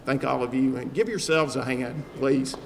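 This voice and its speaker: A man's voice: medium pitch, moderate pace. Man telling a story in a hall. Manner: humorous storytelling, chatty with fillers. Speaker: trauma survivor speaking at an event. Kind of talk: personal speech to an audience. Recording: long hall reverb, faint background noise.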